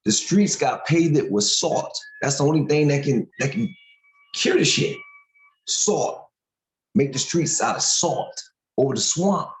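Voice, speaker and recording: A man's voice: fairly high pitch, animated, a little slow. New guy ranting on his podcast, cussing, loose and rambling, echoey room. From Syracuse, New York. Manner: blunt, profane, rambling street talk. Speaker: podcast host. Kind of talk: casual podcast rant.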